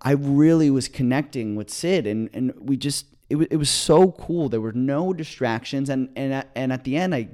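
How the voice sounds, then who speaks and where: A man's voice: medium pitch, normal speed, hardly any pauses. Chatty man telling a story. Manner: excited, rambling, many restarts. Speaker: podcast co-host. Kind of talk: casual storytelling chat.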